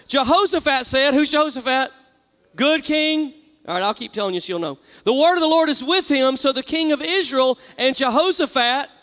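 In a large church hall with long reverb, a pastor with a very high, fairly bright voice preaches a sermon. He reads scripture aloud and draws call-and-response from his congregation.

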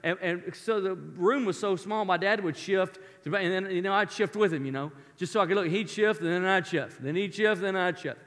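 A male pastor with a high-pitched voice tells a lively personal story from the pulpit, full of folksy asides. His voice carries a long reverb from the large church hall around him. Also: normal speed, hardly any pauses.

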